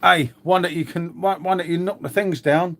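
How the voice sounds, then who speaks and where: Chatty man, higher voice. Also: fairly even intonation, normal speed, fairly bright tone. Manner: chatty, rambling, calls viewers "mate". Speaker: livestream host reading chat. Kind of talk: casual live chat.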